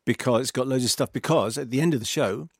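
A man's voice: mid-range voice, fast, husky, dry recording. A man co-hosting a radio show, chatting casually in a dry, self-mocking way, drowsy from lack of sleep. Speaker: radio co-host.

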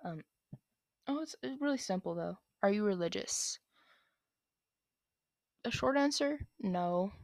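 A woman's voice: medium pitch, animated, a little slow, pauses often, a little mellow, no room sound, clean studio sound. A young woman answering viewer questions in a casual vlog, rambling with lots of ums and likes.

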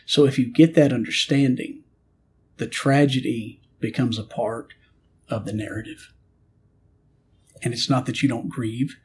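A man's voice: medium pitch, steady tone, measured pace, long pauses, a little mellow, a little hiss or hum. A middle-aged man, a pastor, telling a personal story in an earnest preaching manner and acting out his prayers and God's replies. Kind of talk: storytelling in a spiritual conversation.

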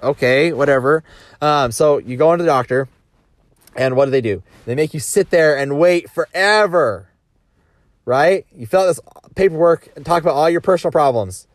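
A man's voice: a little high, moderate pace, dry recording. A man talking casually as a sales coach, rambling with restarts and rhetorical questions.

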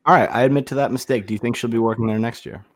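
A man co-hosting a casual podcast, hesitant and halting, full of restarts. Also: medium pitch, dry recording, clean studio sound. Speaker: podcast co-host. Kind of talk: casual chat.

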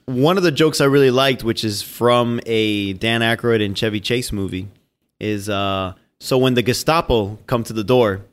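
A man's voice: medium pitch, normal speed, smooth. A man in casual conversation about a movie, swearing casually, laughing, and quoting scenes in goofy voices.

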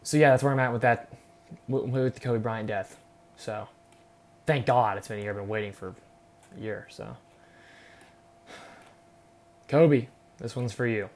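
A man's voice: medium pitch, fairly even intonation, moderate pace, long pauses. A young man hosting a solo podcast, rambling and swearing, with "okay?" tagged on after his points. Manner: rambling, profane, repeats "okay?". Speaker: podcast host. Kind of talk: casual solo podcast rant.

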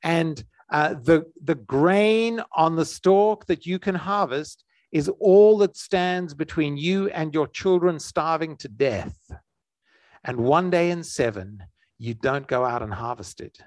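A man giving an earnest, conversational sermon. His voice is a little higher than most men's, and he stumbles and restarts as he goes. The recording is dry and close, with little room sound. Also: slow pace, darkish tone, no echo. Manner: earnest, with frequent restarts and fillers. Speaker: preacher.

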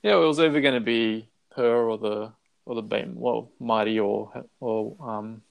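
Gravelly-voiced man in casual chat. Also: mid-range voice, steady tone, measured pace, a little hiss or hum. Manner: short agreeing replies, laid-back. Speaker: podcast co-host.

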